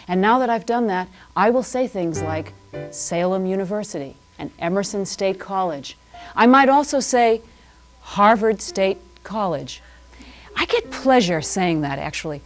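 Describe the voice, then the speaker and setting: A woman host performing a playful, rambling improvised comedy monologue in a TV studio. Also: mid-range voice. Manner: rambling, playful, free-associating. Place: public-access TV studio. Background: music.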